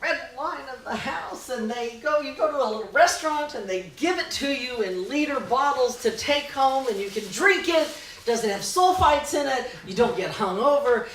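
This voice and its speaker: A middle-aged woman performing a storytelling comedy set, often laughing at her own story and shouting out other people's lines. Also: sits high, expressive, moderate pace. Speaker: stand-up comedian. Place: small live music venue. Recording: echoey room, distant mic, faint noise.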